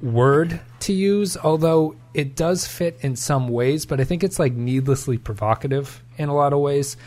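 A man's voice: fairly high pitch, moderate pace, a little mellow. Analytical man in casual film talk. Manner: thoughtful, analytical, frequent restarts. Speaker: podcast co-host.

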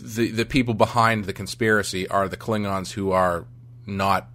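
Man, podcast co-host, casual, joking, hesitant, fairly low voice. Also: steady tone, moderate pace, sharp tone. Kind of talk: casual film discussion.

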